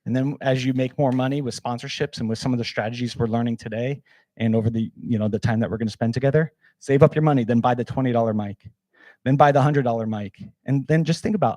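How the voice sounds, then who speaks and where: A man leads a workshop in a loose, energetic way, holding up gear as he talks and leaning on fillers. His voice is warm and mellow and sounds close and dry. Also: medium pitch, fast talker, no room sound. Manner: casual, energetic, demonstrates gear, many fillers. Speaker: workshop presenter. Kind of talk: live workshop talk.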